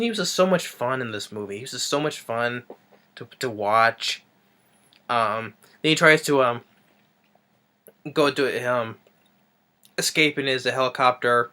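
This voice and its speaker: A man's voice: mid-range voice, measured pace, pauses often, bright, forceful tone. A man casually recapping a movie as a reviewer, rambling with lots of fillers and restarts.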